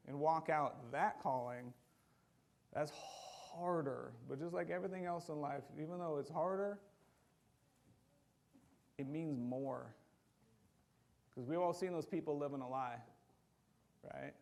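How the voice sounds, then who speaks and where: A man preaching a sermon in a church, talking in a conversational, animated way and acting out quotes along the way. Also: a little high, normal speed, vocal fry, long pauses. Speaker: pastor.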